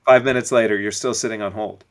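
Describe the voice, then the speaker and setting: A man's voice: on the low side, fairly even intonation, quick pace. Storytelling male business coach. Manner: storytelling, acts out little dialogues. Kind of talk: conversational podcast interview.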